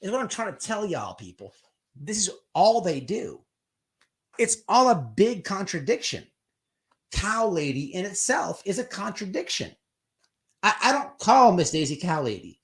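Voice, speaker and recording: A man's voice: sits high, sing-song, a bit bright. A man hosting a live stream and rambling through casual, profane commentary. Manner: profane, rambling, quick to act out quotes.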